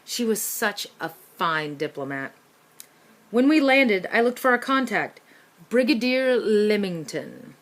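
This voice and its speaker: A woman reading a children's chapter book aloud, narrating in the first person with expressive delivery. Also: medium pitch, measured pace. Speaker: storyteller.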